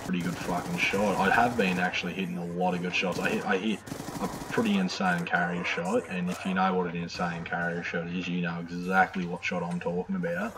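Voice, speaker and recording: Deep-voiced young Australian man, crude and rambling. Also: flat delivery, a little fast, noisy background. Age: young adult. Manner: crude, rambling, swears a lot. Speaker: gaming video creator. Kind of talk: casual storytelling over gameplay.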